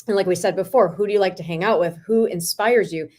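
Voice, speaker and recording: A woman in her forties, a real estate team leader, telling lively stories as an interview guest. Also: medium pitch, fairly quick, few pauses. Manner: lively, animated anecdotes. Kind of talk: storytelling in a video interview.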